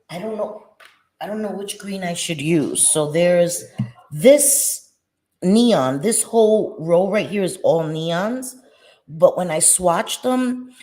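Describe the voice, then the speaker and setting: A woman in her forties chatting casually with viewers while doing her makeup, playful and quick to laugh. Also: on the low side, a little mellow. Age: 40s. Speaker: beauty vlogger.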